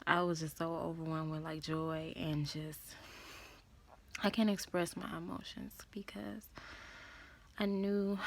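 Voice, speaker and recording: A pregnant woman talks straight to her viewers in a casual vlog, her speaking voice sitting a little low. A gravelly vocal fry runs through her words. She slips into an encouraging, preacherly way of talking about faith. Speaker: vlogger.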